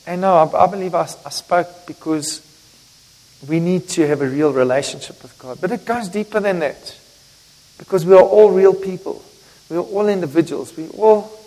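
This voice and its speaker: A man's voice: high voice, normal speed, darkish tone. A middle-aged man, a pastor preaching a candid, emotional sermon. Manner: candid, emotional, repeats himself. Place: church sanctuary. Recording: long church reverb.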